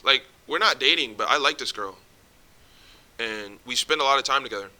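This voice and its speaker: Young male vlogger, bright and forceful, blunt, slangy and profane, advice talk. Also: mid-range voice, moderate pace, rough recording. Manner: blunt, swears a lot, streetwise slang. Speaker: vlogger giving relationship advice. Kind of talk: casual direct-to-camera advice.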